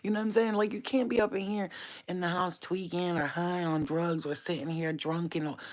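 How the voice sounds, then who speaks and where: A woman talking loosely on a live stream from her house late at night, her speech thick with slang and profanity. She switches easily between storytelling and soft, cooing baby talk aimed at her dog. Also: on the low side, steady tone, a little fast. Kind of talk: casual live-stream chat. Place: at home at night.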